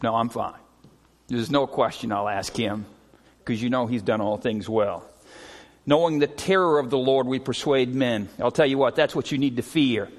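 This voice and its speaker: A middle-aged man preaching a sermon as a pastor, telling stories earnestly and often slowing and dropping his voice for emphasis. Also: medium pitch. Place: church sanctuary. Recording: long hall reverb.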